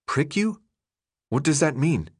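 A man's voice: on the high side, lively intonation, unhurried, husky, pitched above the performer's own voice. A man doing an anxious, questioning teenage boy. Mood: anxious, urgent. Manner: urgent, questioning. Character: frightened, pushy teenage boy newcomer. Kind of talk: audiobook character voice.

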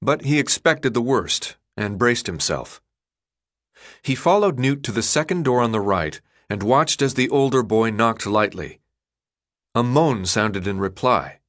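A man narrating an audiobook in a measured, expressive storytelling voice. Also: medium pitch. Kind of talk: scripted narration.

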